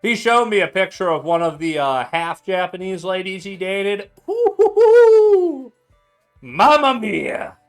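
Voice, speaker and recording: A man's voice: high-pitched, normal speed, hardly any pauses, fairly bright tone, faint music behind. A young man chatting casually at his home bar, tipsy, loose and profane, laughing a lot. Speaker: streamer making cocktails. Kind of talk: casual chat.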